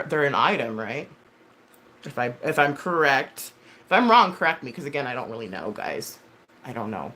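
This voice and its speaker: A woman in her thirties talks casually to her live viewers, rambling and blunt, with plenty of swearing and restarts. Her pitch swings widely and animatedly from phrase to phrase. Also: a bit bright, a little hiss or hum. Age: 30s. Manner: rambling, blunt and heavily profane; frequent fillers and self-corrections. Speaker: livestream host.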